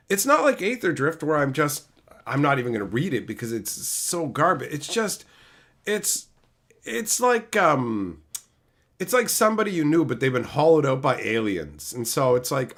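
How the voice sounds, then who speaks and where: A man's voice: fairly high pitch, sing-song, moderate pace, a bit bright. A young man on a livestream, ranting with angry, sarcastic and profane outbursts. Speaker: streamer. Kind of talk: livestream rant.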